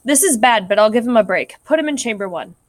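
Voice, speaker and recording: A woman's voice: a little high, expressive, fast, dry recording, close to an everyday voice. A woman voicing a stern, weary male God in a read-aloud story, judging sinners.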